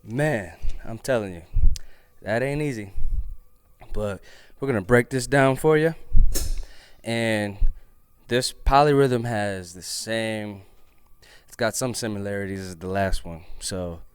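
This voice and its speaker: A man teaching a drum lesson in a relaxed, chatty way, counting rhythms out loud. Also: fairly low pitch, slow pace, pauses often, clear, resonant tone, no echo.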